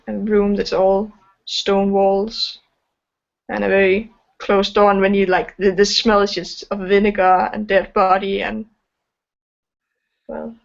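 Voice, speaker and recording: A woman's voice: mid-range voice, vocal fry. A woman narrating as game master of a tabletop game, hesitant and full of fillers. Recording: dull lo-fi sound.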